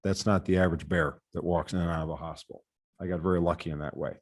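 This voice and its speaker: This deep-voiced man is a patient safety advocate from the US Midwest reading prepared testimony to a committee. He talks fast with fairly even intonation, earnest throughout and repeating words often as he goes.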